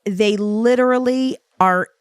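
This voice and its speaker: A woman's voice: on the high side, slow, clean tone, no echo, clean studio sound. A woman comedian talking bluntly and with plenty of profanity in a casual podcast chat, laughing often. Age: older. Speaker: stand-up comedian guest.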